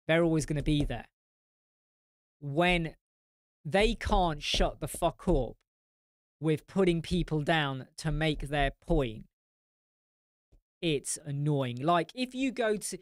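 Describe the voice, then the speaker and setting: Male host, smooth dry close-mic voice, blunt ranting live-chat style. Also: on the high side, no room sound. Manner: blunt, rambling, swears. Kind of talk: casual live-stream chat.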